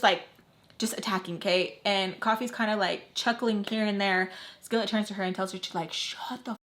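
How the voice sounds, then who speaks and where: A woman in her twenties telling a casual storytime while doing her makeup, in an animated, slangy way full of fillers. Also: mid-range voice, slight background noise. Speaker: storytime vlogger.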